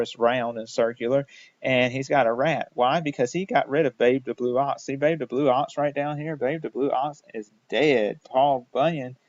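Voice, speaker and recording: A male lecturer talking through a recorded lesson in a loose, joking manner, checking in with his listeners after almost every point. His voice sits at an ordinary middle pitch. The recording is dull, lo-fi and dry. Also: a little mellow, dry recording. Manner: casual, jokey, constant "all right?" check-ins.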